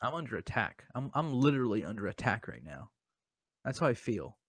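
A man's voice: mid-range voice, big pitch swings, fairly quick, fairly bright tone, husky, no echo. Male podcast host, mid-range voice, dry close sound; comic over-the-top self-pity, stammers through his lines. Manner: mock-dramatic, stammering, self-pitying. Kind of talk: comedic podcast banter.

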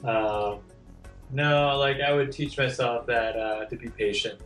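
A man's voice: medium pitch, fairly even intonation, unhurried, a bit bright, recorded from a distance, soft background music. A man talking as a guest on a podcast in casual chat, candid and rambling, with many "like" fillers.

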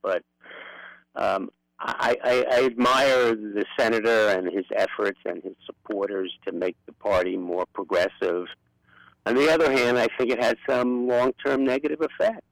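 A man's voice: mid-range voice, fairly even intonation, normal speed, gravelly, dry recording, rough recording. An older man with a Brooklyn accent, speaking as an impassioned guest in a radio interview. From Brooklyn, New York. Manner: outspoken and impassioned. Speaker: guest, political activist.

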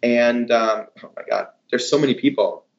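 A man, a hairdresser and educator, talking in a casual interview with enthusiastic, animated storytelling. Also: medium pitch, moderate pace, gravelly. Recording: roomy, slightly dull sound.

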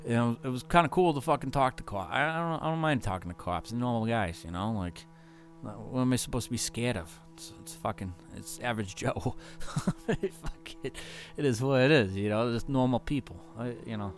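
A touring musician rambling through a casual tour recap, loose and profane with constant fillers. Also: male voice, medium pitch, lively intonation, normal speed, faint music behind.

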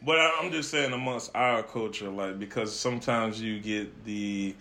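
A man's voice: lowish voice, normal speed, pushed and bright. A man hosting a casual group podcast, who laughs often and prompts his guests by name to speak. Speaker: podcast host.

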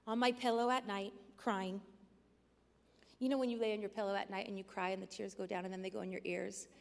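A woman in her forties preaching a sermon in a large church, telling funny personal stories that swing from hushed to loud. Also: mid-range voice. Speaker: pastor. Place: large church sanctuary with a band. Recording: long hall reverb in a big church.

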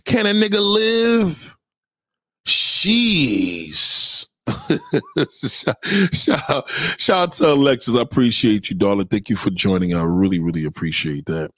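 A man hosting a casual livestream, giving shout-outs to viewers and ranting in a profane, confrontational way. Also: on the low side, sing-song, measured pace, no echo, clean studio sound. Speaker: livestream host.

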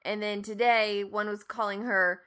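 A woman's voice: medium pitch, fairly even intonation, unhurried, fairly bright tone. A woman co-hosting a casual chat, telling stories in a dry, matter-of-fact way. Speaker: podcast co-host, housewife.

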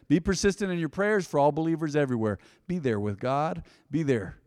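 A male pastor with a fairly high voice delivers a sermon in a relaxed, joking, conversational way, prompting the congregation to repeat phrases back to him. His voice is close and dry at the mic, yet a long reverb trails behind it in the church. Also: fairly quick, few pauses. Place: church sanctuary.

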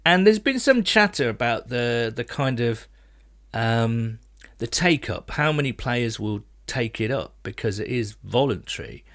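Chatty podcast host. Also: male voice, mid-range voice, measured pace. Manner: relaxed, chatty, frequent fillers. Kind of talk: casual podcast chat.

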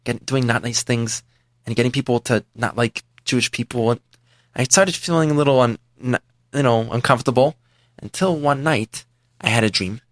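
A man's voice: mid-range voice, normal speed, fairly bright tone, no room sound, pitched below the performer's own voice, natural voice. A man voicing a repentant rich man who confesses his past in an earnest, plain way. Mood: confessional. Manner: earnest, confessional first-person telling. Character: repentant rich man, former priest, older.

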